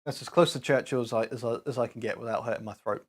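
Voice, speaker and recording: A man's voice: medium pitch, husky. Chatty man hosting a stream. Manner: chatty and rambling, chuckling and talking to the chat. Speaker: live stream host. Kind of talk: casual live stream chat.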